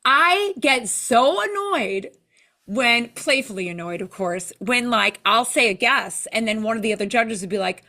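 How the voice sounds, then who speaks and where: A woman guest in a casual interview, telling lively stories and acting out what people said. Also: fairly high pitch, unhurried. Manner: animated storyteller, acts out quoted lines. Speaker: TV show judge, interview guest.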